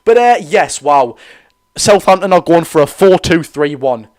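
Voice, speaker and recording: A young man with a Geordie accent hosting a live football watch-along, chatting excitably with viewers while chesty and coughing. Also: on the high side, measured pace. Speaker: football fan channel host.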